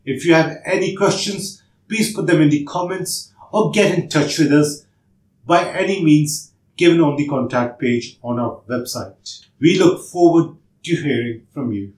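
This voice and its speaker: Methodical man with a higher voice. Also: a little slow, darkish tone, reverberant. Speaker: test prep tutor. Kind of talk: instructional narration.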